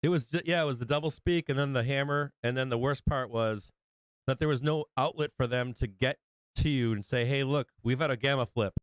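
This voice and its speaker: A man's voice: medium pitch, brisk, clean tone, dry recording. Male stream host, loose profane rambler, clean dry close sound. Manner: rambling, swears a lot, acts out quotes. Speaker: livestream trading host. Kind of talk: casual profane chat.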